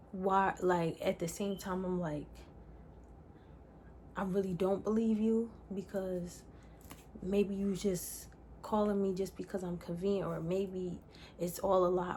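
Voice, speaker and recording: A woman's voice: lowish voice, mellow, a little hiss or hum. A young woman telling a personal story in a casual, candid way, rambling with lots of "like" fillers. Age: young adult. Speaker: vlogger.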